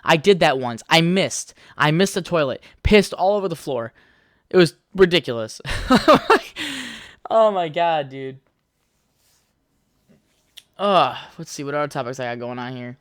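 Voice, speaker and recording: A man's voice: on the high side, expressive, measured pace, long pauses, dry recording, studio quality. A young man hosting a casual solo podcast, rambling and swearing freely as he tells stories. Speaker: podcast host.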